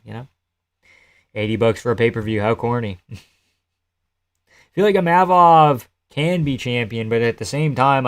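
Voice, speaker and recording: Man rambling casually on a live stream. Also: medium pitch. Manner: loose, rambling, profane, answers chat messages. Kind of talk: casual live-stream chat reacting to a fight card.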